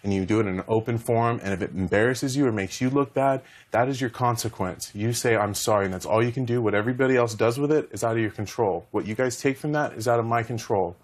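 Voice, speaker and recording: A man's voice: medium pitch, quick pace, few pauses. A young man and reality show contestant, rambling emotionally as he retells conversations in a heated talk.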